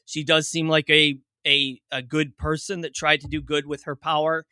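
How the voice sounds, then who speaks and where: A man's voice: fairly high pitch, level tone, moderate pace, pushed and bright, smooth, no room sound. A man hosting a casual podcast discussion, talking in rambling, self-interrupting, joking runs. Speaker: podcast host. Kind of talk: casual chat.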